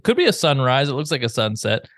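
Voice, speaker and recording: A male podcast host reading listener letters aloud, halting and hesitant over names. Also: medium pitch, very animated, a bit bright, slight background noise.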